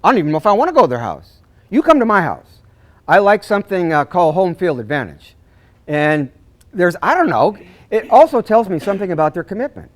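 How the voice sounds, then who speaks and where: A man giving a live seminar to real estate agents, acting out conversations with clients and clearing his throat often. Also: high-pitched, brisk. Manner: animated, acts out client dialogues, frequent throat clearing. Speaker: real estate sales trainer.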